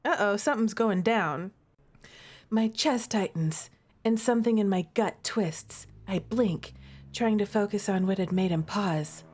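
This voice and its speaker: A woman's voice: medium pitch, a little slow, darkish tone. A woman streamer reading a romance game's text aloud and reacting with dramatic, playful overreactions. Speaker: gaming streamer.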